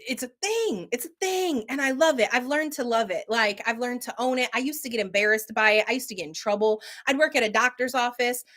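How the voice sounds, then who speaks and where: A woman telling funny stories in a casual monologue, animated and laughing often as she acts out the voices of others. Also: a little high, brisk, hardly any pauses. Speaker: vlogger.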